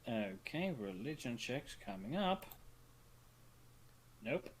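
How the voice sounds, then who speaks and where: A man's voice: medium pitch, big pitch swings, takes it slowly, a little hiss or hum. A man playing in a tabletop game, explaining rules and lore matter-of-factly. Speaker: player. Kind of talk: casual tabletop game play.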